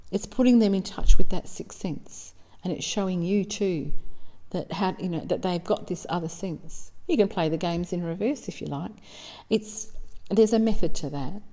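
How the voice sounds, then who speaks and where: A woman's voice: fairly low pitch, mellow, long reverb tail. A middle-aged Australian woman, a psychic medium, telling stories in casual, earnest talk and acting out bits of dialogue. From South Australia. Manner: earnest, emotional, acts out dialogue.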